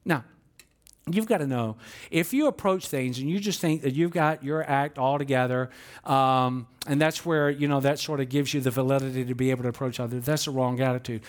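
A man's voice: mid-range voice, fairly quick. A man preaching a sermon, telling stories with acted-out quotes and light humor. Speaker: pastor.

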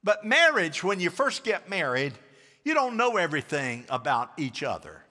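A man's voice: on the high side, wildly swooping pitch, normal speed, bright, forceful tone. Preaching man in a reverberant hall. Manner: preaching with calls to the congregation. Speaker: pastor. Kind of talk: sermon.

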